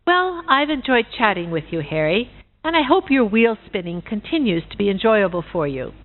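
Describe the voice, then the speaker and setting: A woman voicing a cheerful, sociable busybody pig with a bright, chatty manner, on a tinny recording. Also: medium pitch, very animated, normal speed, close to an everyday voice. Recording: tinny phone-like sound.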